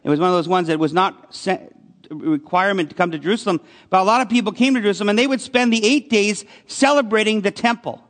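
High-voiced man preaching in a hall. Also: fast talker, a bit bright. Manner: conversational, asks the congregation questions. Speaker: pastor. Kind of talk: sermon.

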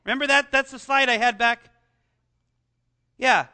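A man's voice: very high-pitched, steady tone, measured pace, bright, forceful tone. A Canadian man preaching a sermon as pastor, in a conversational style with chatty asides.

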